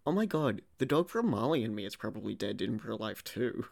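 A young man with a gravelly, creaky voice, ranting playfully in casual chat. He laughs often and swears freely. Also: fairly low pitch, big pitch swings, brisk, a little mellow. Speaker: podcast co-host. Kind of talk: casual film-review chat.

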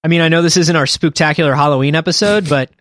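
A man co-hosting a podcast, chatting casually and thinking out loud with hedges and fillers. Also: fairly high pitch, fast talker, no room sound. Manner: thinks aloud, hedging with fillers. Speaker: podcast co-host. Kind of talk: casual chat.

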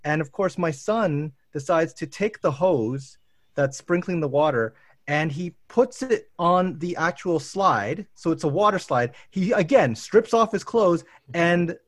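A man in his thirties hosts a casual chat and tells lively, wandering stories about work and family life, often stopping and restarting mid-sentence. His voice sits a little high for a man. The sound is very dry and close, with no room echo. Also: measured pace. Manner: animated, rambling anecdotes with restarts. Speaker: professor and host.

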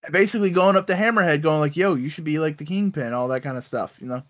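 A man casually recapping comic storylines, acting out characters in quick bits and swearing freely. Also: fairly high pitch. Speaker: podcast co-host recapping comics. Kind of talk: casual chat.

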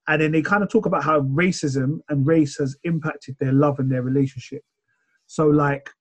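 A man talks on a podcast in a lively, rambling way. His voice is fairly high for a man and husky. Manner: animated, rambling retelling. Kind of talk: casual podcast chat.

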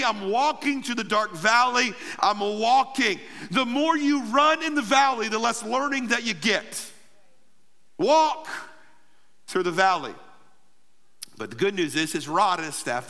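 A pastor preaching a sermon, emphatic, calling out to the congregation for response. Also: male voice, very high-pitched, bright, forceful tone, long reverb tail.

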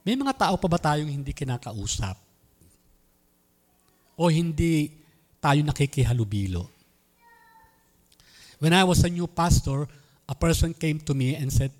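A man's voice: medium pitch, lively intonation, normal speed, long pauses, darkish tone. A man with a Filipino accent preaching a sermon as pastor, moving between Tagalog and English with humorous storytelling.

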